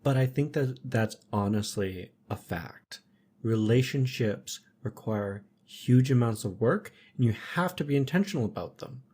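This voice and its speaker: A man in relaxed conversation who talks reflectively. He lays out his thoughts in measured, philosophical statements. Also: mid-range voice, breathy edge. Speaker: podcast guest. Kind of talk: casual conversation.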